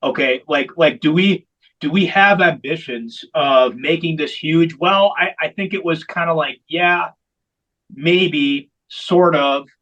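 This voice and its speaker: A man's voice: fairly high pitch, slow, fairly bright tone, lo-fi sound. A man who founded a veterans hockey program, telling its story in an interview with candid, emphatic repetition. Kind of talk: long-form interview storytelling.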